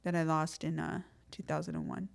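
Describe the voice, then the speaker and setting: A woman's voice: low voice, fairly quick, creaky. A middle-aged woman, a podcast guest telling her story in casual, streetwise slang full of fillers. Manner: lively when acting out quotes.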